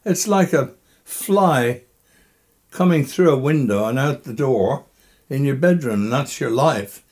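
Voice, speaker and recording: A man's voice: medium pitch, animated, a little slow, darkish tone. A man of seventy-five talking from his bed in a podcast interview, breathless and emotional, reflective and chuckling, choking up at times, with a microphone lying on the bedsheet. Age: 70s. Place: bedroom, recorded from bed. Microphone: microphone resting on the bedsheet.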